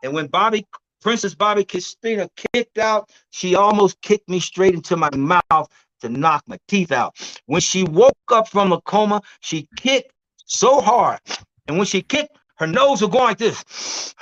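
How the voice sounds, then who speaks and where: A man being interviewed as an herbal healer, telling stories in a lively, demonstrative way, laughing often and acting out what others said. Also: sits high, measured pace, no echo, dull audio. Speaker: guest herbalist. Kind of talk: animated storytelling interview.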